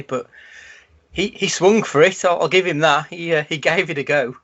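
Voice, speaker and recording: Male co-host, wry and sarcastic, a bit higher pitched, dull lo-fi audio. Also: brisk, a bit bright. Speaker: podcast co-host. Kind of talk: casual film-review chat.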